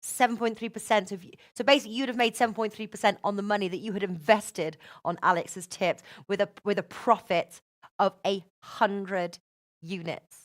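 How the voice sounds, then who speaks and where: A woman hosting a betting show in casual chat, chatty and quick to laugh. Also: mid-range voice, fairly even intonation. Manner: chatty, laughs often, restarts. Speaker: host.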